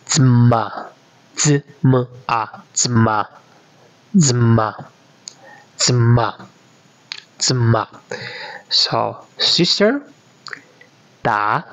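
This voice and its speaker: Slow Georgian-accented male language teacher. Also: medium pitch, no room sound. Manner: patient, repeats words many times. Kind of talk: slow beginner language lesson. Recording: dull, dry lo-fi audio.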